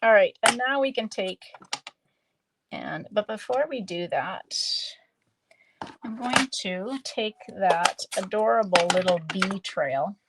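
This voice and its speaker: A woman demonstrating card-making on a live stream, chatting slowly and thinking aloud as she works. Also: mid-range voice, animated, vocal fry, noisy background. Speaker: stamping demonstrator.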